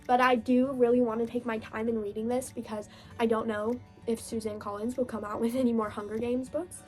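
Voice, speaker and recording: A woman with a fairly high voice chats about her reading in a casual, enthusiastic way, often restarting her sentences as she thinks aloud. Faint music plays softly behind her. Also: level tone, a little fast. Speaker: book vlogger. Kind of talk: casual book review chat.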